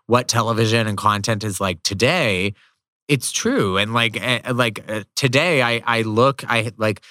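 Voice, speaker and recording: A man's voice: fairly low pitch, sharp tone, no echo, studio quality. A man, a filmmaker who is a podcast guest, talking in a casual chat with lots of fillers and restarts. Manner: halting, full of fillers and restarts.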